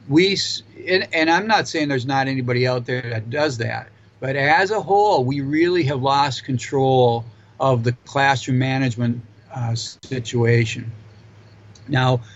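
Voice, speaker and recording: Male talk host, mid pitch, earnest and measured, slightly muffled lo-fi audio. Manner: earnest, measured, lecturing with personal anecdotes. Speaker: radio show host, former school administrator. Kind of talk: call-in radio talk.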